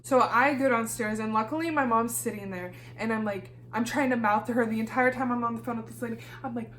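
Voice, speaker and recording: A young woman from Kansas telling a storytime vlog in a lively, casual way, swearing freely and acting out the dialogue. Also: on the high side, quick pace, a little hiss or hum. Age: young adult. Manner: animated, swears freely, acts out quoted dialogue. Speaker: YouTuber.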